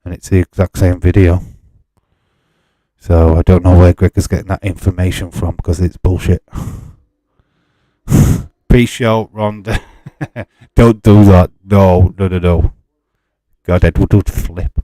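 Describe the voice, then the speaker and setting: A man's voice: low voice, fairly even intonation, measured pace, long pauses, dark tone, no echo. A man hosting a live stream, chatting casually with his viewers and arguing with them in an exasperated way, laughing often.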